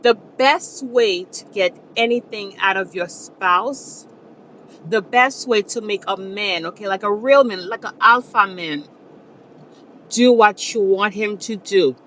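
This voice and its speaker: Woman dating coach chatting to camera, slow and drawn out, bright tone, keeps saying okay. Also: medium pitch, slight background noise, rough recording. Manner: coaxing and repetitive, keeps checking in with "okay?" and "my beautiful ladies". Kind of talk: casual advice talk to camera.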